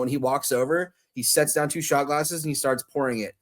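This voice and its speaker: A man co-hosting a podcast in casual chat, telling stories with quick laughs and loose swearing. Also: medium pitch. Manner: animated storyteller, quick laughs, swears freely. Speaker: podcast co-host.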